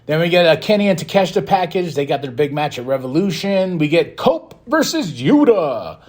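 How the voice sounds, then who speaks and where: A fairly high-voiced man hosts his podcast with a casual, rambling recap. His pitch swings widely as he gets excited, and he laughs easily between points. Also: fairly quick. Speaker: podcast host. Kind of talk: casual wrestling show recap.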